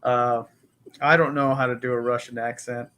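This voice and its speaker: A man's voice: mid-range voice, level tone, normal speed, sharp tone. A man co-hosting a podcast in casual chat, loose, profane and joking. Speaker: podcast co-host.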